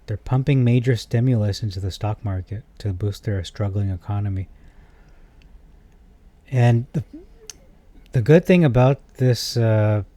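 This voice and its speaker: A man's voice: fairly low pitch, measured pace, pauses often. A man hosting a stock market video, talking casually through numbers and reading viewer comments with exasperated asides. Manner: animated, exasperated asides, thinks aloud with fillers.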